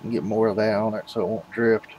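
A man's voice: fairly low pitch, fairly even intonation, fast talker, a little mellow, breathy edge, lo-fi sound. A man hosting a farming game video, rambling casually and calling his viewers "folks". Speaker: gaming channel host.

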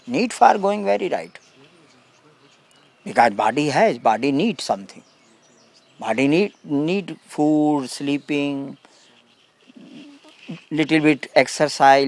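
Man, spiritual teacher, mid pitch, very slow, dry close sound, simple broken English, repeats phrases for emphasis. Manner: calm, emphatic contrasts. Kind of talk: spiritual talk to a gathering.

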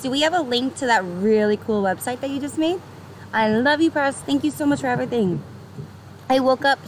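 Bubbly high-voiced New York woman streaming outdoors. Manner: bubbly, upbeat, greets chatters by name, laughs often. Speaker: livestreamer. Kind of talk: casual live-stream chat with viewers. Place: outdoors by the water on a pier. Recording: noisy outdoor stream with traffic.

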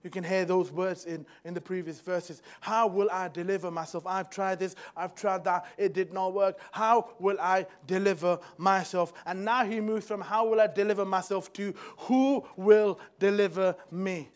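Young male preacher, high voice, church sermon, swings from soft to fervent. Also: fairly even intonation, normal speed, few pauses. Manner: builds from soft, hushed storytelling to loud, fervent exhortation. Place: church hall.

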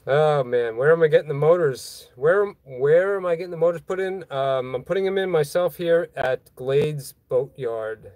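Guy rambling on a phone livestream, reading comments, kinda high voice, dry close sound. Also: unhurried, hardly any pauses, darkish tone, no echo. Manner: rambling, self-deprecating, chuckles often. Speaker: vlogger hosting a livestream. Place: boatyard. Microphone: phone held in hand.

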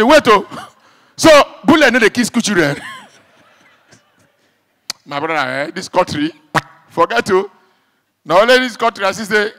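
A male stand-up comedian with a Nigerian Pidgin accent, telling stories in an animated way, shouting sound effects and acting out the people in them. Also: sits high, in a large hall.

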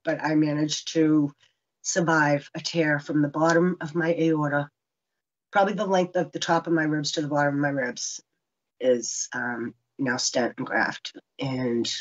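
A woman's voice: deep voice, dull audio. A woman in her fifties telling her own survival story earnestly, acting out what people said to her. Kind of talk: personal testimony.

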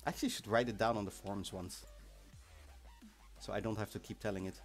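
A man hosting a live game stream, chatting casually and excitably, sometimes bursting into shouts. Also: fairly low pitch, fast. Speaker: livestream host of an online game event. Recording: faint music in the background.

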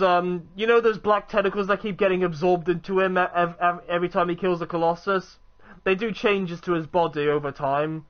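A man's voice: sits high, muffled recording. A young man casually commenting while playing a video game, chatty and rambling, often restarting his sentences. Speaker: let's play gamer.

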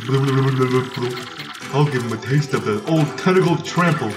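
A man's voice: medium pitch, moderate pace, echoey room, lightly acted. A man voicing a brash giant squid monster who bloops between his lines. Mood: taunting. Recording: distant mic with loud game music.

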